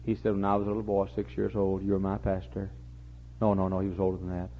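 An older man preaching a sermon, repeating his phrases and building to impassioned, near-shouting peaks. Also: deep voice, monotone, fast, a little hiss or hum. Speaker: pastor. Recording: muffled lo-fi recording.

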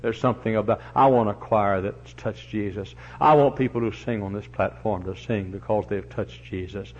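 A man preaching a sermon as pastor, in a folksy, animated storytelling manner, in a church. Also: on the low side, moderate pace. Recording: dull lo-fi recording.

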